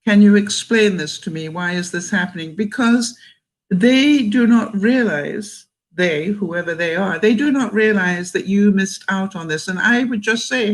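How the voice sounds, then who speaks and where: Poor audio captures a Canadian vlogger, an older woman, reading live-chat comments at a measured pace in a mid-range voice. She's chatty and warm, laughs a lot between thoughts and often starts sentences over.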